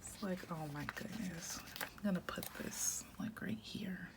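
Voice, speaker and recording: A woman in her thirties chatting casually while she works on her journal, talking softly and often half-whispering, rambling with lots of "like". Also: on the low side, a little slow. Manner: rambling with many "like" fillers. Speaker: planner vlogger. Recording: steady background noise.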